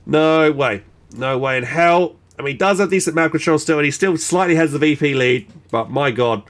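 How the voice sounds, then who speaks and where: A man casting a strategy game match in excited play-by-play, exclaiming and swearing, with frequent restarts and fillers. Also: fairly high pitch, normal speed. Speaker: game caster.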